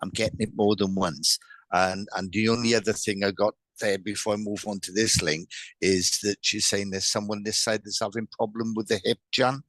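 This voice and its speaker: A man with a lowish voice gives a psychic reading and relays what the spirits say. He stumbles, restarts and repeats words. The sound is dry and close, with no room echo. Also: steady tone, moderate pace, fairly bright tone. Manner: relays spirit messages in quoted speech. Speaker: psychic medium. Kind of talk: live online mediumship reading.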